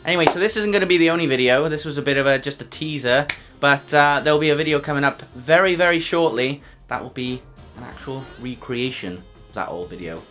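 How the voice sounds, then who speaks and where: A man's voice: a little high, expressive, brisk, hardly any pauses, a bit bright, soft background music. A man making casual, self-mocking reaction commentary on his own old video. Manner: self-mocking, wry asides.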